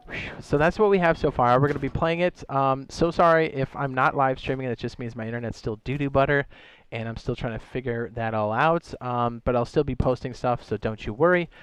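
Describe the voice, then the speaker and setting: A man of middle pitch, recorded close and dry with almost no room sound, reads down a long list of game fixes. He adds quick joking asides and stumbles, then corrects himself. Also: clean tone, no room sound. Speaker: gaming YouTuber reading patch notes. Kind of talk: casual commentary reading a list aloud.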